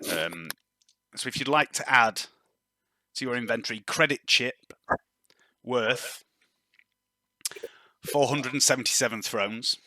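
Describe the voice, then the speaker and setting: Bright, laid-back male game master. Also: mid-range voice, dry recording. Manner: laid-back, chatty, halting. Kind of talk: narrating a tabletop game.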